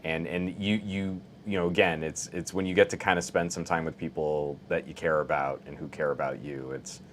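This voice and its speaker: A man with a very low voice co-hosts a casual tech podcast, joining over a remote call. His delivery leans into the clear, even inflection of a radio announcer. Light noise hangs behind him. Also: moderate pace. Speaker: podcast co-host.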